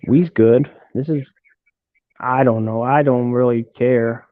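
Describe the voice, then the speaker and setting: A man hosting a live stream chats loosely and easily, with casual swearing. His voice is at a middling pitch for a man. The sound is narrow and tinny, like a phone line. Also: fairly even intonation, slow. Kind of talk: casual chat. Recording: tinny phone-like call audio.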